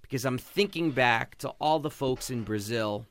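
A man's voice: medium pitch, normal speed, fairly bright tone. A man hosting a podcast, giving passionate, sarcastic sports commentary. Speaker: podcast host.

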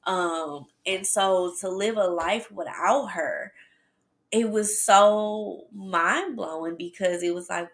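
A woman hosting a podcast, telling a personal story in a chatty, animated way and talking straight to her listeners. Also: fairly low pitch, slow. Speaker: podcast host. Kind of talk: casual storytelling.

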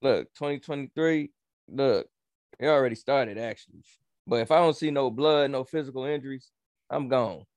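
A man's voice: mid-range voice, normal speed, a little mellow, no echo. A man, a police officer, co-hosting a podcast in casual chat, talking in short, punchy remarks.

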